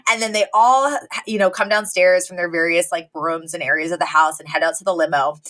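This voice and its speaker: A woman's voice: fairly low pitch, brisk, fairly bright tone. A young woman co-hosting a podcast, chatting casually and retelling scenes with lots of fillers. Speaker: podcast co-host. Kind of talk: casual recap chat.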